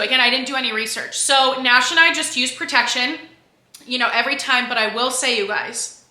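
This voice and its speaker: A woman's voice: sits high, a little fast, bright, forceful tone, roomy sound. A woman in her twenties chatting candidly to camera as a vlogger, with lots of fillers and restarts. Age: 20s. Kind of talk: casual chat to camera.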